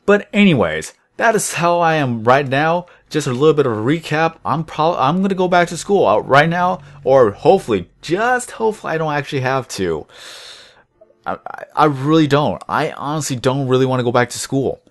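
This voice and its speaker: A young man rambling through casual commentary over his gameplay video, deliberately lifting his voice above his natural low tone. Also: big pitch swings. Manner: rambling, chatty, self-reflective. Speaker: gaming channel host.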